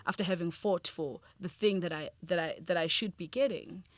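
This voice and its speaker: A woman's voice: on the low side, moderate pace, no room sound. Woman guest, earnest and reflective, mid-range voice, dry close studio sound. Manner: earnest and reflective, many restarts, laughs easily. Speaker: guest, film director and screenwriter. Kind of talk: conversational podcast interview.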